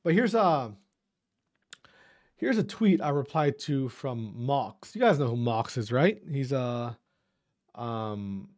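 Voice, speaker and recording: A young man giving a profane, heated esports rant, repeating himself and dropping to quiet asides. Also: mid-range voice, sing-song, takes it slowly, long pauses. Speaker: esports commentator. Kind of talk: ranting casual commentary.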